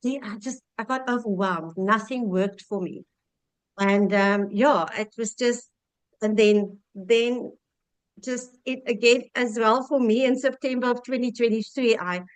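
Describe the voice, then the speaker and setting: A woman's voice: a little high, no room sound, low-quality recording. A South African woman in her fifties tells her own story as a webinar guest. She speaks earnestly over a video call, often restarting her sentences. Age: 50s. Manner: earnest, heartfelt, rambling with restarts. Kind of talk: personal testimony on a webinar.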